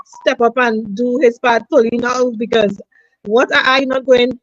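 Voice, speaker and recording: A woman's voice: fairly high pitch, fairly even intonation, measured pace, no room sound, highs cut off. Trinidadian woman recounting an eviction by phone. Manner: earnest, repeats herself, speaks in Trinidadian Creole. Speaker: caller describing an eviction. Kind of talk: emotional call-in account.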